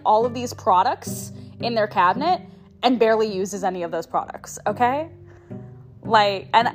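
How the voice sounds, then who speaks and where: A woman hosting her own podcast, talking in a casual motivational monologue, chatty, laughing often and swearing for emphasis. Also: medium pitch. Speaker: podcast host.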